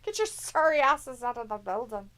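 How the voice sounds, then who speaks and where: A woman's voice: fairly high pitch, sing-song, normal speed, a bit bright. A woman co-hosting a live stream, chatting casually and reading viewer messages aloud in a teasing, jokey way.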